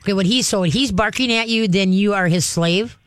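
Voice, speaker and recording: Hosting a call-in show, a dog trainer gives direct, practical advice and acts out calm commands to dogs. The medium-pitched voice is brisk, with no room sound.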